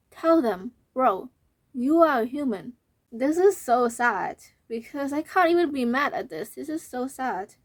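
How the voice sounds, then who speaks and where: A young woman vlogger talking to camera, earnest and emphatic, repeating her points, her voice slightly hoarse and fading. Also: fairly high pitch, darkish tone, no echo. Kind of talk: talking to camera, reading out comments.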